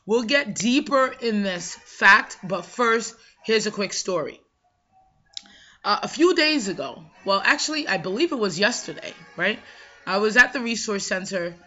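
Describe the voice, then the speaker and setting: Bright-voiced woman talking motivationally. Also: mid-range voice, lively intonation, unhurried, soft background music. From Jamaica. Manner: conversational, emphatic, rhetorical questions. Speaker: podcast host. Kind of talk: motivational monologue. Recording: dull lo-fi sound.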